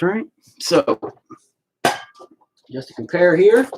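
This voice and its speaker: A man's voice: on the low side, lively intonation, normal speed, a little hiss or hum, low-quality recording. A man ranting in a profane, rambling way while painting in a casual vlog at home. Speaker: vlogger.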